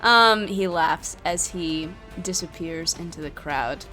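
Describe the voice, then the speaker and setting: A woman plays through a solo tabletop adventure and narrates it, counting dice aloud and bursting into loud frustration. Her voice is bright and crisp, and she speaks at an unhurried pace. Soft music plays faintly behind her. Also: fairly low pitch. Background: faint background music.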